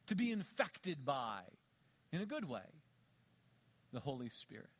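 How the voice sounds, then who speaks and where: A middle-aged male pastor preaching a sermon, swinging between quiet low asides and loud emphatic peaks. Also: big pitch swings, unhurried.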